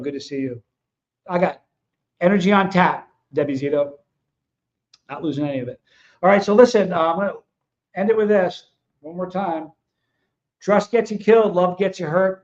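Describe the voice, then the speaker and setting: A man's voice: high voice, normal speed, pauses often, a little mellow. A man hosting his own livestream, talking casually and bluntly to his viewers in a fired-up, confrontational way. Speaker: host of a livestream show. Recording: dull lo-fi sound.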